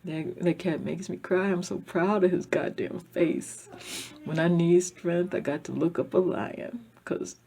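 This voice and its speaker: A woman vlogging a rambling, emotional personal monologue, tearful and repetitive, dropping from loud outbursts to near-whispers. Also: fairly low pitch, fairly even intonation, a little slow, vocal fry.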